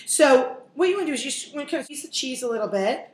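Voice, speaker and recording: Cooking host, woman, 40s, high and chatty with wisecracks, roomy echoey kitchen. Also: animated, quick pace. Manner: chatty, jokey, talks straight to viewers. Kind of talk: casual cooking demonstration.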